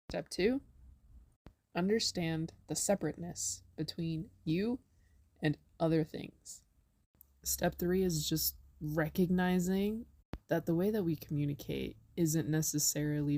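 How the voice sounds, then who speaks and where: A woman's voice: sits low, warm tone. A young woman giving casual spiritual advice, chatty and earnest, who acts out inner voices with big swings in tone. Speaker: spiritual wellness vlogger.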